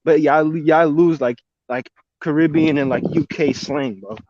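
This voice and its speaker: A man's voice: on the high side, fairly even intonation, a little slow, a little mellow, highs cut off. A man from the United States chatting casually as a podcast guest, with loose slangy talk full of "like" and "bro". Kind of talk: casual chat.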